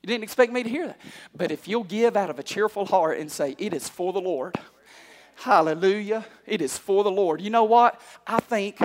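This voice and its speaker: A male pastor preaching a sermon, calling out to the congregation and climbing to shouts. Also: high voice. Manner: call-and-response preaching, rising to shouts. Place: church hall. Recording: long hall reverb.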